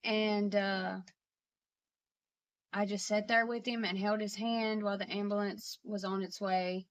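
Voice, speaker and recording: A woman vlogger telling a personal story in a halting way, with many pauses and restarts. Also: mid-range voice, level tone, highs cut off.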